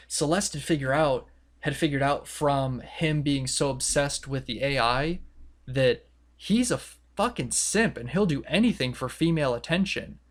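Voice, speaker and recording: A young man co-hosting a podcast, excitedly retelling a story in a rambling way, full of fillers and quoted voices. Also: a little high. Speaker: podcast co-host. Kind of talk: casual podcast chat.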